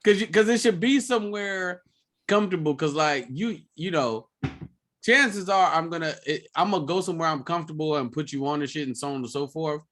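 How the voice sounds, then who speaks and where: A man hosting a comedy podcast in casual chat, animated and laughing often, jumping high when he acts out stories. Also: fairly quick. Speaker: podcast host.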